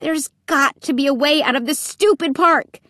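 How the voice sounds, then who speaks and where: Reading from a storybook, a woman voices a frightened young girl who cries out anxiously, pitching her voice high, above her own natural voice, though still close to everyday speech. Her tone is steady at a normal speed, and the recording is dry and clean, studio quality.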